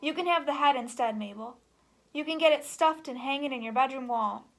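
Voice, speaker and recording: A woman's voice: high voice, fairly quick. A woman voicing a bossy, impatient farmer's wife giving orders, read from a children's storybook. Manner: impatient, commanding.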